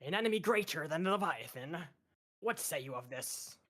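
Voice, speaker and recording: Guy doing a wailing pirate sky captain, cries for his crew in a high voice, over voice chat. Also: animated, moderate pace, a bit bright. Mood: gruff pirate. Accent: put-on pirate speech. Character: young gray-haired pirate airship captain, frantic and dramatic. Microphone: online voice chat mic.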